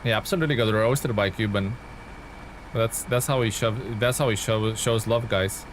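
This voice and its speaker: Low-ish guy streaming a game live, chatting w chat and thanking donors, faint hum behind. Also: moderate pace. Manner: chatty, greets and thanks chat while playing. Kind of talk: live gameplay commentary.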